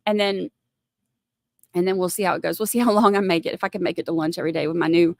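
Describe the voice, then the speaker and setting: A woman's voice: fairly low pitch, fairly even intonation, fast, vocal fry, dry recording, studio quality. A woman hosting a casual livestream, rambling and giggling at herself between topics. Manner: giggly, rambling, self-mocking. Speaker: livestream host.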